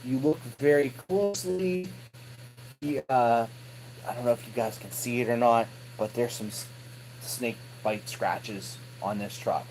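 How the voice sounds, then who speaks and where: A man's voice: mid-range voice, measured pace, slight background noise, low-quality recording. Folksy man chatting from his workshop. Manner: folksy and excitable, calls viewers brother. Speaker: host of a scale RC hobby show. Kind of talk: casual livestream chat, answering viewers. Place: home hobby workshop. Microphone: phone camera.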